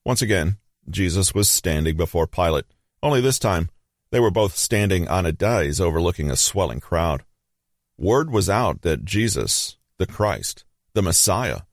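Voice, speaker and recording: A man reading a scripted Bible story as narrator, measured and grave, with dramatic pauses. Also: sits low, dry recording, studio quality.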